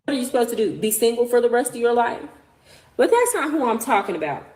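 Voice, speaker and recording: A woman giving emphatic, lecturing commentary in a video. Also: on the high side.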